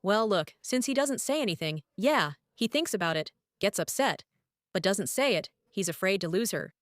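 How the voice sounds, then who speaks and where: A woman's voice: mid-range voice, expressive, moderate pace, no echo, clean studio sound. A woman giving a tarot reading, musing aloud and repeating herself as she talks straight to the viewer. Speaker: tarot reader.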